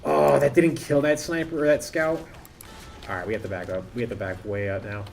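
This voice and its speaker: A man's voice: medium pitch, flat delivery, brisk, vocal fry, faint music behind. A man streaming a game, chatting casually and thinking aloud in a rambling, self-interrupting way. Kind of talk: casual live-stream commentary.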